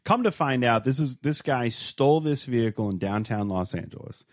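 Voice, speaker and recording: A man co-hosting a podcast, telling a story in casual chat, rambling with halting restarts. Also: medium pitch, expressive, no room sound, clean studio sound. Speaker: podcast co-host.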